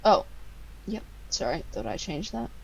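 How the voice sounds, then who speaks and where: A woman narrating as game master of a tabletop game, halting with fillers and restarts. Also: mid-range voice, very animated, creaky, slight background noise, low-quality recording.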